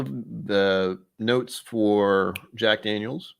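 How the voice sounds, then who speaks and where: A man's voice: lowish voice, takes it slowly, vocal fry. A man hosting a casual tasting livestream, talking in a rambling, offhand way and thinking aloud. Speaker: livestream host.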